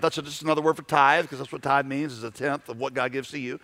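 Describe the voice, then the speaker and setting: A man's voice: medium pitch, steady tone, fast, hardly any pauses, bright, forceful tone. A male pastor preaching a sermon, acting out voices and stammering through restarts.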